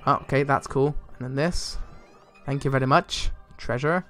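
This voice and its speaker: Brief: young male let's-player, mid-pitched, hyped and profane, faint game music behind. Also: moderate pace. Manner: excitable, swears a lot, laughs often. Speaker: let's play gamer. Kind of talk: casual gameplay commentary.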